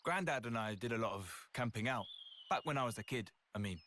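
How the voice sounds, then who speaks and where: Casting: casual, offhand British young man, lively pitch. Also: brisk, a little hiss or hum. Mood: easygoing. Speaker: game character. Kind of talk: video game voice acting.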